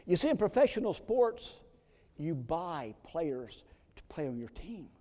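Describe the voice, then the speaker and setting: Man, pastor, sermon, shifts from loud to whispered, mellow, reverberant sanctuary. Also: fairly high pitch, very animated, a little slow. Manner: dramatic swings from loud emphasis to hushed whispers. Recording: long reverb of a large hall.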